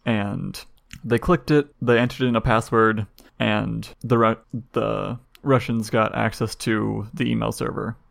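Deadpan gravelly man, dry close mic. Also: fairly low pitch, measured pace, no echo. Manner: dry, deadpan, bored delivery. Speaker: podcast co-host, security guy. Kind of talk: casual tech chat.

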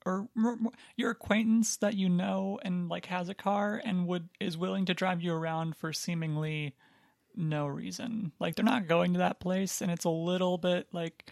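A podcast co-host chats along in a loose, rambling way, full of hedges and little asides, with a deadpan streak. The voice has a gravelly fry to it. The sound is dry and close, with no room around it. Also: medium pitch, measured pace, dry recording. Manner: rambling, hedging, filler-heavy. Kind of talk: casual chat.

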